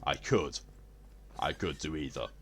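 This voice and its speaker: A man's voice: extremely low pitch, animated, unhurried, faint music behind. A male streamer, chatting casually with his stream chat in a theatrical, posh-leaning way.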